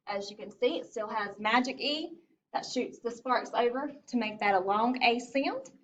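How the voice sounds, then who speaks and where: A woman teacher giving a phonics lesson to young children, speaking slowly, clearly and encouragingly. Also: on the high side, a little hiss or hum. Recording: distant lo-fi recording.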